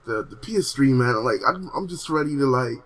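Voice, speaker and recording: A man's voice: mid-range voice, expressive, fairly quick, a bit bright, low-quality recording. A man co-hosting a casual gaming podcast, talking in a blunt, slangy way. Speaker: podcast co-host.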